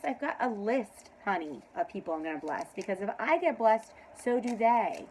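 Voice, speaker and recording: A woman giving a casual tarot reading to camera, making emphatic affirmations, laughing often and sometimes dropping to a soft hush. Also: fairly high pitch, animated, normal speed, hardly any pauses, slight background noise, rough recording. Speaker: tarot reader.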